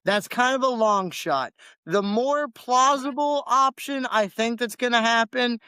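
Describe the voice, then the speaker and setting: A man's voice: very high voice, a little slow, pushed and bright, clean tone, dry recording. A man co-hosting a casual wrestling podcast in a loose, laid-back way, often repeating words as he talks. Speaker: podcast co-host.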